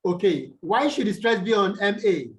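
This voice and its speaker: A man tutoring students over a video call, explaining slowly and quizzing them as he goes. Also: high voice, lively intonation. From Nigeria. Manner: slow, deliberate, quizzes students. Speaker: English tutor. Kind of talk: online tutorial lesson.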